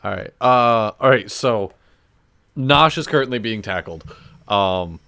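Casual, low-voiced man at the game table. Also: animated, a little slow, gravelly, bright, forceful tone. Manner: casual, swearing. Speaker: player.

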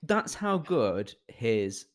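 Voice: big pitch swings, very slow. A podcast co-host, chatting casually and telling rambling stories. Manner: chatty, rambling storyteller with big swoops in pitch. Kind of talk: casual chat.

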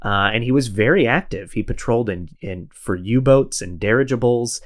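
A man's voice: mid-range voice, normal speed. Brief: male podcast host, mid-range voice, loose and rambling, chuckles a lot. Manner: rambling, self-deprecating, laughs often. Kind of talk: casual chat.

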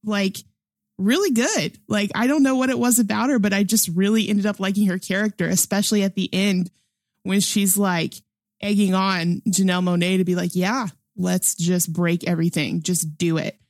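A woman's voice: medium pitch, steady tone, normal speed, no echo, clean studio sound. A young adult woman chatting casually about a movie, enthusiastic and laughing often, with lots of fillers. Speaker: film discussion panelist. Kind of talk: casual film review chat.

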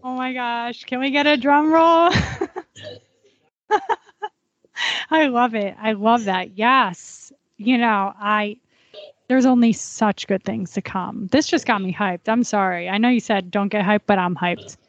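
A woman hosting a podcast as a running coach, bubbly and quick to laugh. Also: mid-range voice, steady tone. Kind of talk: casual interview chat. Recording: dry, slightly dull audio.

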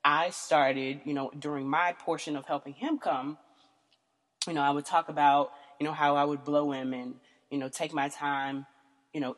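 A woman's voice: deep voice, a bit bright, long reverb tail. A woman hosting a candid talk show, telling a story in a blunt, profane, casual way and leaning on "you know" as a filler. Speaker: podcast host.

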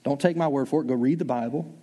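A man preaching a sermon as pastor, talking conversationally and acting out his listeners' doubts in quick asides. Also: mid-range voice, slightly rough, in a large hall. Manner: fast, animated preaching.

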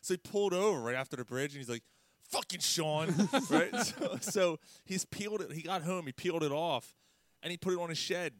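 A man telling prank stories in casual chat, animated, with loud mimicked outbursts. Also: on the high side, a little fast, dry recording, studio quality. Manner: animated storyteller, loud mimicked outbursts, laughs mid-story.

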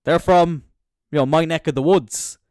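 A man's voice: a little high, normal speed, darkish tone, no room sound, clean studio sound. A young man from Cork with a Cork Irish accent hosts a casual solo podcast, rambling and chatty, swearing freely and trailing off mid-thought. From Cork, Ireland. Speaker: podcast host. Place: indoors, seated on a squeaky chair.

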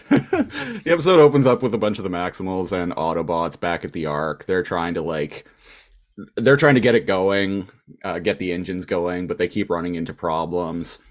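Male podcast co-host, deep voice, loose chatty recap full of restarts. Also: animated, moderate pace. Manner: rambling with many fillers and restarts. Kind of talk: casual chat recapping a cartoon episode.

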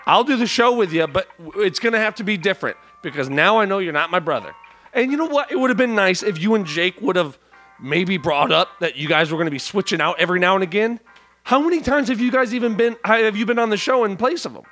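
A man's voice: high-pitched, animated, a little fast, fairly bright tone, faint music behind. A man hosting a comedy podcast, talking in a profane, rambling way with lots of restarts into a studio mic. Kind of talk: casual comedic banter. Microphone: studio mic with headphones.

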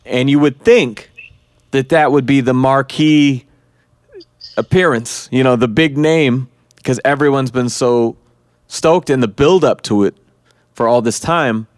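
A man's voice: mid-range voice, a little slow, no echo, clean studio sound. A man hosting a podcast in casual chat, rambling on and swearing freely. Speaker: podcast host.

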